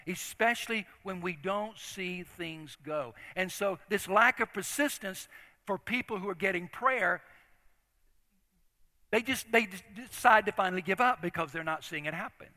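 A man's voice: sits high, sharp tone. An older man preaching a sermon as a story, talking in an earnest, conversational way with frequent restarts. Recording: long reverb of a large hall.

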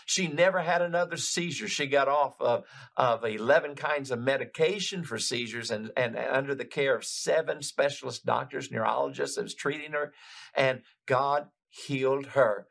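A male preacher telling a testimony in a sermon, with animated, emphatic storytelling and frequent restarts. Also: mid-range voice, normal speed, gravelly.

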